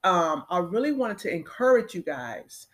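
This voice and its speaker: A woman's voice: on the low side, very animated, normal speed. A woman in her fifties chatting casually to her viewers, addressing them directly and using lots of fillers. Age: 50s. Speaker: vlogger.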